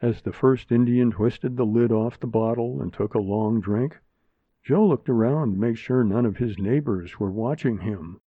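A man reading a story aloud in a measured, steady way. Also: medium pitch, breathy edge, no room sound. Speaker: narrator. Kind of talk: storybook narration. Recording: narrow phone-like sound, dry.

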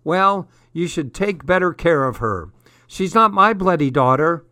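A man voicing an exasperated middle-aged father phoning home from abroad, blustery and quick to scold. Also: a little high, big pitch swings, sharp tone, dry recording, clean studio sound, voice pushed up, heavily acted. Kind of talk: audiobook character voice.

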